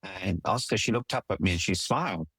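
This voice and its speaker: A man's voice: sits low, fairly quick, a bit bright, breathy edge, no room sound. A middle-aged man, a relationship coach, telling personal stories in an earnest, emphatic way with frequent restarts. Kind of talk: conversational storytelling interview.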